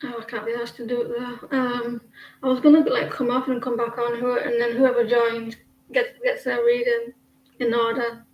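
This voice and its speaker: A woman's voice: on the high side, completely flat delivery, moderate pace, roomy sound, lo-fi sound, a little hiss or hum. A woman giving tarot readings on a casual livestream, chatting in a rambling way and often breaking off mid-sentence. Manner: rambling, chatty, self-interrupting. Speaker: tarot reader.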